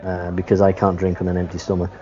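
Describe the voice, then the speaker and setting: A man's voice: sits low, completely flat delivery, quick pace, warm tone, soft background music. A playful man chipping in during a tabletop game. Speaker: player. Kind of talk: casual tabletop game chat. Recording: muffled lo-fi mic.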